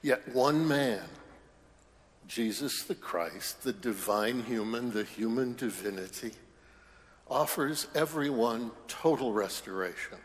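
A man's voice: mid-range voice, expressive, takes it slowly. A man preaching a sermon as a priest in a church, conversational with wry humorous asides. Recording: long church reverb.

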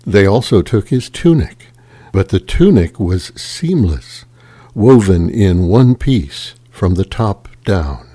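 A man reading scripture aloud in a slow, measured and solemn liturgical manner. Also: low voice, sing-song, warm tone. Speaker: scripture reader.

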